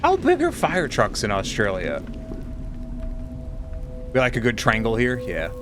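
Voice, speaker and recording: A man's voice: medium pitch, wildly swooping pitch, a little slow, music in the background. A man streaming live, chatting casually and teasingly with his viewers while tired and rambling.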